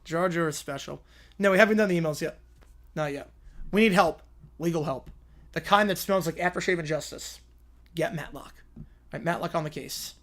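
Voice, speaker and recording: A man hosting a casual livestream, chatting in quick asides as he reads viewer requests aloud. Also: fairly high pitch, fairly bright tone. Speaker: streamer host.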